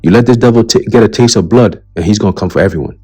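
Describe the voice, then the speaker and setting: Low-voiced man ranting on his own channel. Blunt, profane, preachy, faint music underneath. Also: racing, warm tone, breathy edge. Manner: blunt, profane and heated, repeats "okay?" as a tag; preacherly, warns of coming doom. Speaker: commentary channel host. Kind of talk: ranting commentary on a list of news items.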